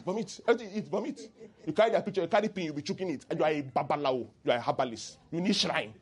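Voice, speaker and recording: A man preaching a sermon as pastor, animated and teasing, leading the congregation in call-and-response. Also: high voice.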